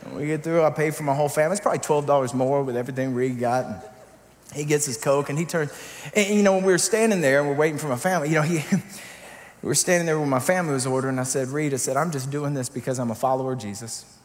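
A man's voice: on the high side, quick pace. Pastor type, man, lighthearted storyteller with an earnest streak, reverberant church hall. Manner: humorous storytelling, shifting to earnest and quiet. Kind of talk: sermon with personal story.

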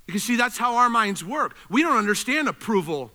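A man preaching a sermon, animated, swinging between loud emphasis and quiet intensity. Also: extremely high pitch, fairly quick. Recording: reverberant hall.

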